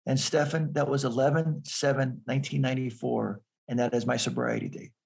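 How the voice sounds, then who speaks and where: A man's voice: mid-range voice, fairly even intonation, brisk, creaky, a little mellow. A man in an interview telling a personal story earnestly, often repeating words as he builds toward the point. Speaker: guest.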